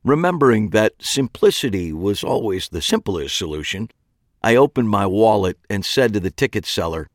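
A man's voice: lowish voice, sing-song, normal speed, no echo. A man narrating a first-person story in a dry, wry way.

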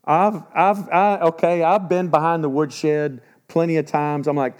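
Older male preacher in his sixties, fairly high voice, emphatic and urgent, drops low for warnings. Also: moderate pace. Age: 60s. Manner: emphatic, swings between loud urgency and low grave warnings. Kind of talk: sermon.

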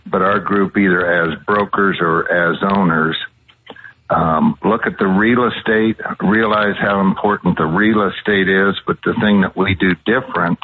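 A man from Colorado calling in to a radio show by phone, talking in a hesitant way with many pauses and fillers. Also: low voice, a little hiss or hum. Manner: hesitant, many ums and uhs. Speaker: phone-in guest. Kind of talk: casual radio chat. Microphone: telephone. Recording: tinny phone line.

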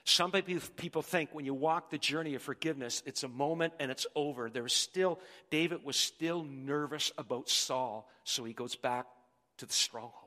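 Preaching with emphasis in a large hall full of long reverb, a male pastor repeats words again and again to hammer his points home. His voice is sharp, on the high side, and moves at a normal pace.

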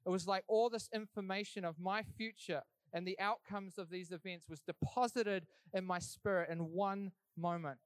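Young aussie guy telling his story at church, higher voice, smooth and clean, real earnest. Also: steady tone, moderate pace, few pauses, no room sound. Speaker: church speaker giving testimony. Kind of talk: sermon testimony.

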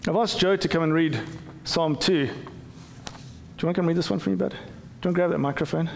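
A man's voice: fairly high pitch, fast, gravelly, big-room sound, a little hiss or hum. A man preaching a conversational sermon as pastor, with frequent restarts and repeated words. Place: church.

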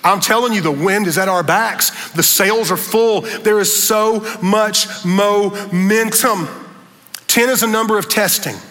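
A male pastor preaches with a high, bright, ringing voice that climbs into shouts on his key words. His sermon rolls out in a fervent preacher's cadence. A long reverb hangs behind him, as from a big church hall. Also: a little slow. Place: large church stage.

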